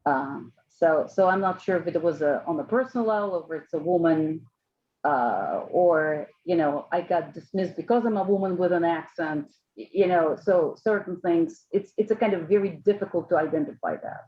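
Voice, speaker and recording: Brief: woman, low-ish voice, halting and reflective, slightly dull video-call sound. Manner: hesitant, many fillers and restarts. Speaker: panel guest. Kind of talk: casual video-call discussion.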